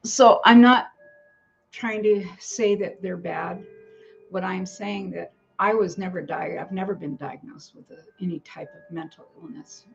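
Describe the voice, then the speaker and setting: A woman vlogger rambles casually through a personal story, now and then breaking off to talk to her cats at home. Her mid-range voice is unhurried with vocal fry, captured in a dull lo-fi home recording with faint music behind.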